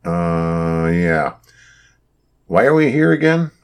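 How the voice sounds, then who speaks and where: A man's voice: low voice, very animated, slow pace, smooth, exaggerated voice. A man voicing Joseph, a baffled male companion with a dry, bemused manner.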